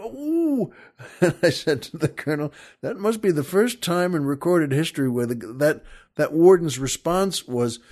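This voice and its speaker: A man's voice: on the high side, a little mellow. A man hosting a talk show, telling a joke in a folksy, rambling way and chuckling often. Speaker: host.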